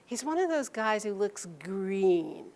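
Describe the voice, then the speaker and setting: A woman telling a personal story aloud, halting and restarting sentences and acting out the people she quotes. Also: mid-range voice, big pitch swings, darkish tone, slight background noise.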